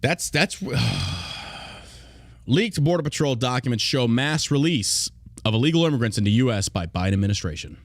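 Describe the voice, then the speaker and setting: A man's voice: mid-range voice, lively intonation, normal speed, dry recording, clean studio sound. A man hosting a political podcast, reading news aloud and ranting in a heated, profane way. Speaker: podcast host.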